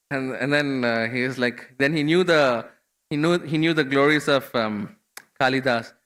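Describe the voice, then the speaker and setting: Give me a man with a bright voice telling a devotional story in a temple class, relaxed and full of fillers. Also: mid-range voice. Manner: conversational, frequent fillers and restarts. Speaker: speaker giving a scripture class.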